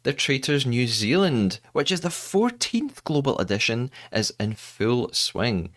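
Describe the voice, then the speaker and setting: A man's voice: mid-range voice, very animated, unhurried, fairly bright tone. A man hosting a podcast in a casual, chatty monologue, playful and self-mocking as he runs through news. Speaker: podcast host.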